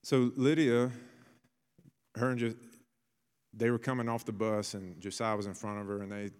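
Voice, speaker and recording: A man in his thirties preaching a sermon as a pastor, telling family stories and building to bursts of excitement. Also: lowish voice, normal speed, clear, resonant tone, big-room sound.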